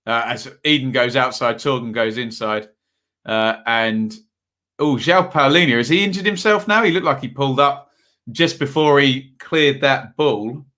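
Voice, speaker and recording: Young male streamer, bright tone, casual rambling match commentary with self-mocking asides. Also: medium pitch, moderate pace. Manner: chatty, rambling, self-deprecating. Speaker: watch-along host.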